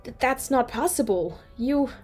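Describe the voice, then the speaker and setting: A woman's voice: high-pitched, animated, measured pace, darkish tone, slightly rough, faint music behind, voice pushed up, exaggerated voice. A woman voicing a stuttering, shocked doctor troll. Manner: stuttering, sputtering.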